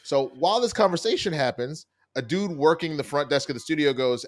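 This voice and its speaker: A man in casual conversation, walking through a TV episode scene by scene. He slips in and out of the characters' lines with lively swings in pitch. His voice sits a little high for a man. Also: fairly quick, few pauses. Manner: animated retelling with quoted character lines and laughs. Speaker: TV critic. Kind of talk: casual recap chat.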